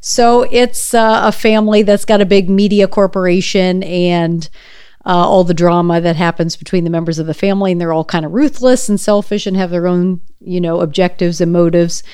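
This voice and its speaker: A woman chatting casually on a podcast, recommending a show in a thoughtful, measured way. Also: on the low side, fairly even intonation, a little mellow, clear, resonant tone. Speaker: podcast co-host. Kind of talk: casual chat.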